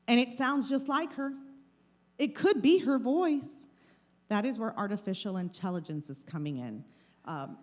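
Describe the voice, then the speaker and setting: A woman's voice: fairly high pitch, a little mellow. A middle-aged woman giving a live talk on scams to an audience, with plain, repeated warnings, speaking into a handheld mic in a meeting room. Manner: plain, repetitive warnings, acts out scam calls. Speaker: presenter of a scam-awareness talk.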